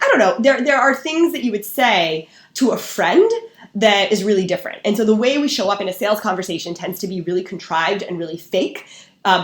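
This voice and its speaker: A woman's voice: medium pitch, echoey room. A woman guest on a podcast, a sales and marketing expert talking casually and acting out gushing quotes. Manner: lively, acts out gushing quotes.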